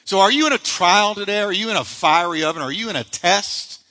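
A man's voice: sits high, fairly quick, sharp tone. A man preaching a sermon as pastor, building with emphatic repeated refrains and rising bursts. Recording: live church sermon audio.

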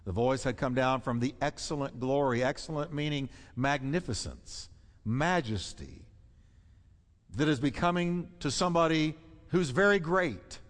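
A man preaching a sermon with emphatic delivery, rising to loud high peaks and dropping to hushed asides. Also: lively intonation, a little slow. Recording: long reverb of a large hall.

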